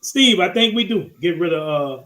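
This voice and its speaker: A man's voice: high voice, brisk, pushed and bright, reverberant. A man hosting a sports podcast, talking in a laid-back, soothing way with many fillers. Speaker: podcast host. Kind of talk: casual sports talk.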